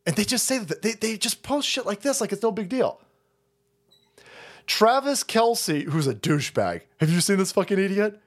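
Foul-mouthed man ranting, lively pitch. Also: normal speed. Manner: foul-mouthed, mocking, laughing, swings between loud and muttering. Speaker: streamer. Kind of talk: profane political rant.

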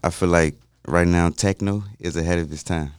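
Laid-back rapper guest, man, very deep and smooth, dry close sound. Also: steady tone, moderate pace, dry recording. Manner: laid-back, often says "you know what I mean". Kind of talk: casual interview talk.

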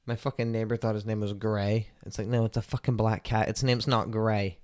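A young man hosting a casual podcast, rambling and swearing a lot, stoned and relaxed, with lots of filler words. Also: on the low side, a little fast. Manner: rambling, profane, laid-back, lots of "like" fillers. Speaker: podcast host. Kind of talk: casual solo podcast chat.

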